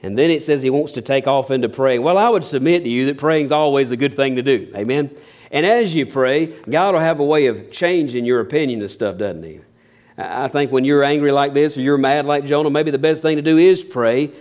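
A man preaching a sermon in an animated, humorous, folksy way. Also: mid-range voice, fairly quick. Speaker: pastor.

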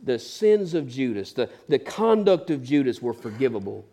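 A preacher delivering a sermon, swinging from loud emphatic peaks to hushed, near-whispered lines. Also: male voice, mid-range voice, big pitch swings, normal speed.

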